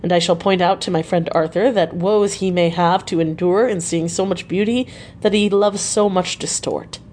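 A woman's voice: lowish voice, steady tone, moderate pace, a little mellow, slight background noise, lightly acted. A woman voicing a stern, fatherly old male Dutch professor who speaks in broken English. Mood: coaxing.

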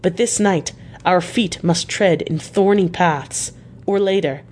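A woman reading the part of a grave elderly male professor, solemn and formal, pleading gently at times. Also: lowish voice, slow, breathy edge. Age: older. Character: grave elderly male foreign professor, stern yet tender. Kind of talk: audiobook character reading.

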